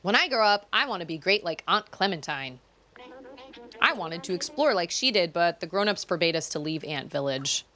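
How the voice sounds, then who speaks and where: A woman's voice: on the low side, animated, moderate pace, pushed and bright. A woman voicing an eager young robot child in a video game.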